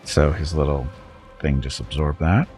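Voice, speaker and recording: A man's voice: extremely low pitch, steady tone, a little slow, a little mellow, faint music behind. A man streaming a video game, chatting casually with viewers and making wry, chuckling asides. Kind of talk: casual let's-play commentary.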